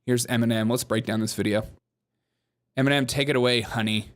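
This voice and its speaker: Medium-pitched and steady, the host talks fairly quickly on his comedy news commentary show. He is sarcastic and mocking toward the people he discusses, quoting them in whiny put-on voices.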